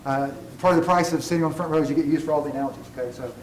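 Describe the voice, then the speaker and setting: A man lectures on ethics to a classroom, wandering into tangents and making fun of himself along the way. His fairly high voice carries through an echoey room, picked up by a mic set well back. A faint hum of room noise sits underneath. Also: rapid-fire, distant mic. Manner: digressive, self-deprecating humor. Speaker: college ethics instructor.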